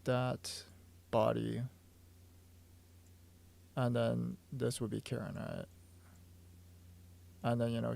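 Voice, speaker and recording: A man working as a manga artist who thinks aloud while drawing on a stream, eager and full of stumbling restarts, hoarse from losing his voice. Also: mid-range voice, monotone, slow pace, long pauses, dark tone. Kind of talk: livestream drawing explanation.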